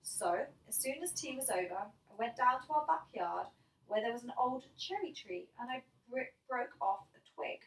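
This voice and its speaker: Animated female storyteller, bright and swooping, distant in an echoey room. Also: on the high side, normal speed. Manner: animated, expressive, laughs easily. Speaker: storyteller on a livestream. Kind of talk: reading a children's story aloud. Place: home near a fire.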